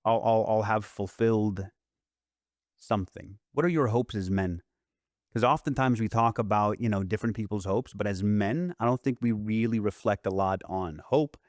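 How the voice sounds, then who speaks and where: Low-voiced earnest male podcast host. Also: moderate pace, dry recording, studio quality. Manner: earnest, reflective, quotes others in lively retellings. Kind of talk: earnest casual chat.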